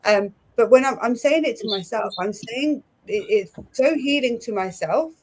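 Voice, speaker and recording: A woman's voice: on the high side, expressive, normal speed, background noise. Lady on a live panel, chatty and frank, bit self-mocking. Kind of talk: live online panel chat.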